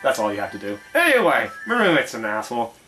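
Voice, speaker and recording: A man's voice: mid-range voice, wildly swooping pitch, fast talker, over music. A young man in college telling a rambling, profane story while chatting casually over gameplay. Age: young adult. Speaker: gamer and podcast-style co-host.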